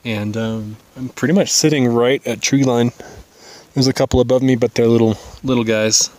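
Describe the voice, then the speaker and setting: A man's voice: mid-range voice, fairly even intonation, moderate pace, a little mellow, rough recording. A man filming himself while hiking on a mountain, talking casually, thinking aloud and swearing now and then, at times out of breath. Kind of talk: casual vlog narration. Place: outdoors on a high mountain.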